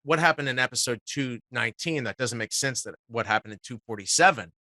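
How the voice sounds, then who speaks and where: A man, a guest voice actor, telling animated stories in casual talk and swearing freely. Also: mid-range voice, fast, dry recording, studio quality. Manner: swears casually, acts out quotes. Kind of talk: animated storytelling.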